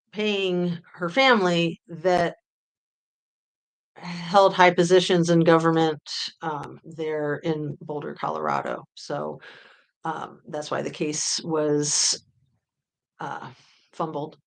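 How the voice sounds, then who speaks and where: A woman with a somewhat low voice talks loosely to her live viewers. She rambles, fills her pauses with ums and uhs, and reads out comments as a true crime host. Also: gravelly. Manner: chatty, rambling with many fillers. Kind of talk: casual chat with live chat readers.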